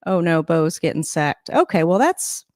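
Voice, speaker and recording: A woman's voice: fairly low pitch, sing-song, moderate pace, darkish tone, dry recording. Chatty woman streamer, dry close sound. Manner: chatty and rambling, laughs often. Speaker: live-stream host. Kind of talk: casual live game reaction.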